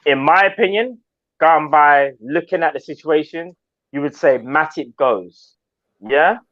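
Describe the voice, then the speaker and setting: A man's voice: a little high, unhurried, no echo. A man co-hosting a casual live-stream chat, thinking aloud and hedging his opinions. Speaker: co-host. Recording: dry, dull lo-fi audio.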